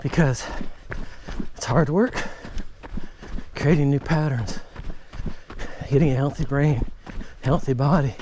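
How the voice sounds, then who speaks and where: A bereaved father vlogs candidly into a handheld phone on an outdoor nature trail, reflecting and urging himself on as he walks and jogs. His voice is medium-pitched and warm, slow with long pauses, and there's slight background noise.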